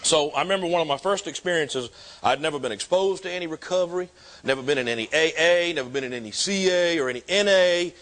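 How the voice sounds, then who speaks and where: Man with a raised pitch, telling his story. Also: fast talker. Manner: animated storytelling with self-mocking humor. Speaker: speaker sharing his recovery story. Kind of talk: personal recovery testimony.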